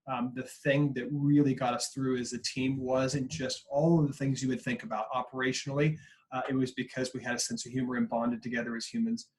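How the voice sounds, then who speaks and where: A man's voice: medium pitch, a little hiss or hum. A man in his forties, a consultant on a video-call panel, telling a story in an earnest, reflective way. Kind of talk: panel webinar talk.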